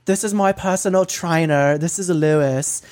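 A man's voice: a little high, moderate pace, a little mellow, close to an everyday voice. A man mimicking a spoiled young female influencer in a put-on British accent, drawling with lots of filler words. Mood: self-absorbed. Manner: drawling, valley-girl fillers, self-absorbed.

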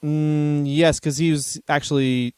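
A man's voice: fairly high pitch, level tone, measured pace, darkish tone, clean tone, no room sound. A man co-hosting a comedy podcast, telling stories in casual chat and laughing often. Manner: storytelling, reads out history passages, laughs often.

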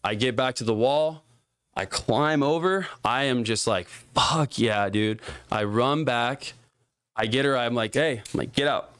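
Clear, smooth-voiced man telling a story. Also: medium pitch, measured pace, no room sound, studio quality. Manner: profane, animated, acts out quotes. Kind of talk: casual podcast storytelling.

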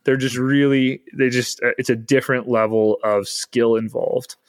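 A man's voice: mid-range voice, fairly even intonation, normal speed, no echo. Rambling man hosting, dry sound. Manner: rambling, filler-heavy interviewing. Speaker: podcast host. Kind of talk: casual podcast conversation.

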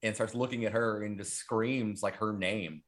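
A man's voice: lowish voice, fairly even intonation, moderate pace, fairly bright tone. A man hosting a podcast, chatting casually about a horror movie in a rambling, profane way with lots of fillers. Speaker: podcast host.

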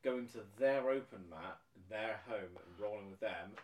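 A man in a casual podcast chat who talks bluntly and swears freely, getting excited as he talks. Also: fairly low pitch, normal speed, slight background noise. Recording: roomy sound, distant from mic.

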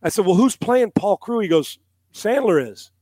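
Man, fifties, high-pitched voice, dry close sound, animated storyteller, acts out dialogue. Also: normal speed, no room sound. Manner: animated storyteller, acts out quotes, swears casually. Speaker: guest, former NFL quarterback and analyst. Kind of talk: casual storytelling on a podcast.

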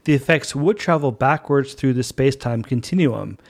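A man reads a ship engineer who catches on quickly and spells out the idea. The reading stays plain and in his own voice. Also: medium pitch, gravelly. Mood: eager. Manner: explanatory, building on an idea.

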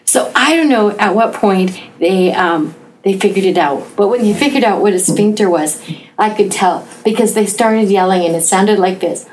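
A woman's voice: mid-range voice, normal speed, noisy background. A woman who taught school recalling a classroom memory, amused and often laughing. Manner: amused, laughing through the telling. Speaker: teacher. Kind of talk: personal anecdote.

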